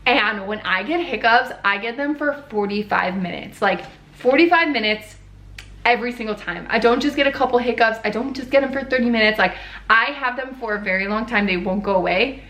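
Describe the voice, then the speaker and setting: A woman's voice: a little high, a bit bright, echoey room. A young woman talking casually in a video diary, chatty and tired, filling her talk with "like". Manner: chatty, heavy use of "like", tired. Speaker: vlogger.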